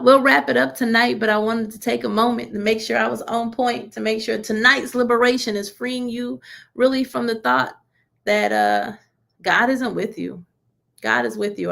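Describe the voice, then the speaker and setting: A woman's voice: a little high, gravelly. A woman leading a church teaching session in a conversational sermon style, informal and colloquial, asking listeners one rhetorical question after another. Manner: colloquial, relaxed grammar.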